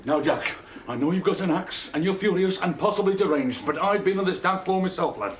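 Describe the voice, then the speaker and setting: A man playing a smooth, worldly older male star who calmly lectures another man. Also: high voice, a little fast, reverberant, voice pushed up. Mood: calm lecturing. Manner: calm, lecturing, patronising.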